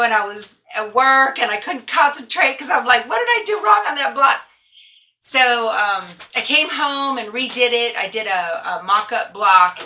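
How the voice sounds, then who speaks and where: A woman's voice: a little high, bright, forceful tone, a little hiss or hum. A woman hosting a quilting vlog, chatting casually and laughing at herself. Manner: chatty, self-deprecating, laughs often. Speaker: quilting blogger and host. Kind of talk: casual chat to camera. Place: at home, tractor outside.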